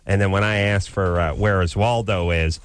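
A man's voice: sits low, steady tone, brisk, clear, resonant tone. A man hosting a radio talk show, wry and rambling, coaching a guest through a bit at a studio microphone. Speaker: radio host.

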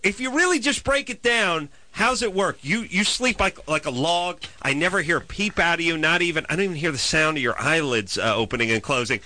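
A man's voice: a little high, brisk, few pauses. A man hosting a radio call-in show, joking crudely and telling stories with mock indignation. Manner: animated, mock-indignant storytelling. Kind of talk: crude comic radio banter.

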